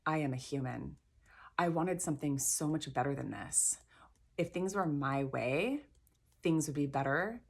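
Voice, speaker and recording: A middle-aged woman leading a guided tapping session, gentle and encouraging, repeating phrases slowly. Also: deep voice, breathy edge. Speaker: tapping practitioner.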